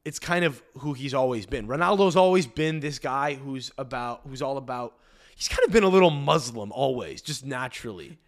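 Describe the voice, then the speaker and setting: A man's voice: mid-range voice, animated, moderate pace. A man hosting a comedy podcast, ranting in a rambling, profane way with lots of fillers and restarts. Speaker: podcast host.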